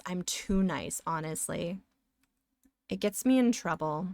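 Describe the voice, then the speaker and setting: A woman's voice: fairly low pitch, takes it slowly, darkish tone, no room sound. A woman streamer chatting playfully and sassily with her viewers while she draws, giggling often. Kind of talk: casual live-stream chat while drawing.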